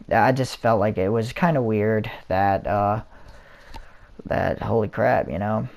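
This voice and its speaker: A young man casually telling a story in a vlog, rambling with lots of fillers and restarts. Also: fairly low pitch. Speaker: vlogger. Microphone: console or headset mic.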